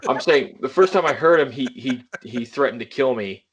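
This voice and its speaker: A man's voice: medium pitch, moderate pace, a little hiss or hum. A young adult man co-hosting a podcast, telling rambling stories in casual chat and laughing often. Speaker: podcast co-host.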